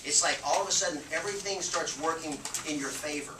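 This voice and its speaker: A man giving an energetic motivational training talk to a live audience, often checking in with "okay?". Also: fairly high pitch, quick pace. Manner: energetic, punchy, keeps asking "okay?". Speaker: real estate sales trainer. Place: meeting room with a live audience. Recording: echoey, distant, noisy room recording.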